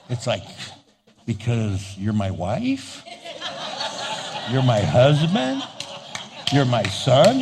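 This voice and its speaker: A man preaching a sermon as pastor, animated, acting out little dialogues and laughing often. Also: on the high side, husky. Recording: long hall reverb.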